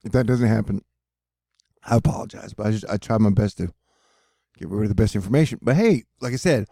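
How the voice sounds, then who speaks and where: A man's voice: on the low side, fast talker, creaky, mellow, breathy edge, dry recording, clean studio sound. A man hosting his own video, rambling casually over weather maps, swearing and joking and losing his thread. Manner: rambling, profane, jokey, loses his train of thought. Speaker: weather and space video host.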